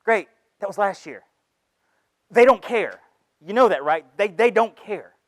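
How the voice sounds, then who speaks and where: Man doing a high, mocking inner voice of fear, sarcastic and taunting, dry sound. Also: animated, measured pace, a bit bright, dry recording. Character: sneering inner voice of fear, male, belittling. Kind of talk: comic stage monologue.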